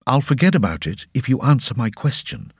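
A man's voice: medium pitch, big pitch swings, brisk, slightly rough, no room sound, studio quality, pitched above the performer's own voice. A man reading an audiobook, voicing a young upper-class boy who is indignant and curious. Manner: pointed, demanding questions.

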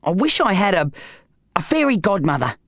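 A male narrator voicing an anxious, fed-up schoolboy who mutters his wishes, pitched above his own voice. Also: very animated, moderate pace, fairly bright tone, no echo, clean studio sound, heavily acted. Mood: glum. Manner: muttering, wishful.

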